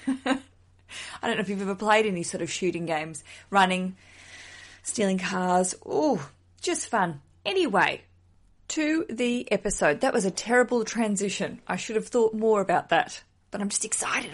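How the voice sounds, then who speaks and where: A woman hosting a solo podcast in a chatty, self-deprecating way, laughing easily as she talks. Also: medium pitch. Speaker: podcast host. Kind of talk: casual solo podcast chat.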